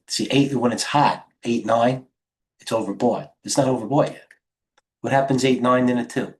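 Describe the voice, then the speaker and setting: A middle-aged man hosting a live trading stream, firing off quick stock calls and muttering to himself as he trades. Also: on the low side, darkish tone. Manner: rapid-fire ticker calls, talks to himself. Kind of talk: live market commentary while trading.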